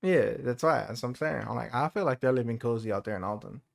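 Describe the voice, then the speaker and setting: A man's voice: mid-range voice, fast, gravelly. A man co-hosting a podcast in casual chat, laid-back, swearing freely and laughing often. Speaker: podcast co-host.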